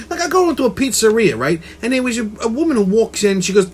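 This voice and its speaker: A man's voice: very high-pitched, sing-song, fast, hardly any pauses, slightly rough. A man hosting a comedic rant, cursing and repeating himself for emphasis. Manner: profane, emphatic, repeats words. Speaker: host.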